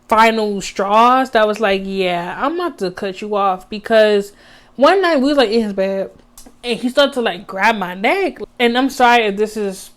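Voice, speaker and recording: A woman's voice: mid-range voice, smooth. Young woman, vlogger, casual storytime, slangy, filler-heavy, speaks to viewers. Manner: chatty, heavy use of "like" and slang, addresses viewers as y'all.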